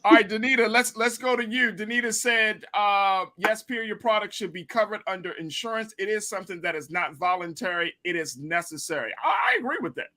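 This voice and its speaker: A man's voice: high voice, a little fast, few pauses. A man hosting a talk show, chatting casually and jokingly, repeating words as he cuts in and reading out viewers' comments. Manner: animated, jokey, repeats words when cutting in. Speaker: host. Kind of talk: casual chat.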